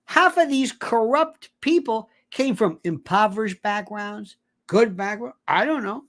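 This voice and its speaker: A man talking in a rambling, theatrical monologue as a commentator, his pitch swinging widely from line to line. He keeps correcting himself mid-sentence and breaks into mimicked voices of the people he describes. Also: animated, unhurried, a bit bright. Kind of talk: animated political commentary monologue.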